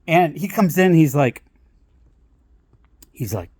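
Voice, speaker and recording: Laughing, animated man telling a story. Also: a little high, slow, husky, no echo. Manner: laughs often mid-sentence, rambling; lively and animated. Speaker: vlogger telling a family story. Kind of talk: casual storytelling.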